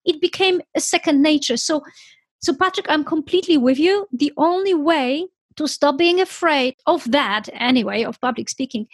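Female interview host, high voice, dry close sound, animated storyteller. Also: normal speed, no room sound. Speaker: podcast host. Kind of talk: casual interview chat.

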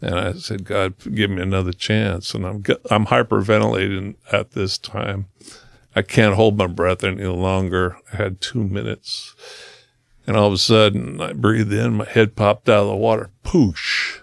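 Low gravelly man telling his story. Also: level tone, no echo, clean studio sound. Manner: earnest, slows down to stress key moments. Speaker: podcast guest, motivational speaker. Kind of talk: personal storytelling in conversation.

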